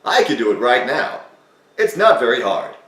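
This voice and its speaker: A man's voice: mid-range voice, very animated, normal speed, fairly bright tone, reverberant, recorded from a distance. A man hosting a casual, self-mocking commentary on his own old video, sarcastic and swearing freely.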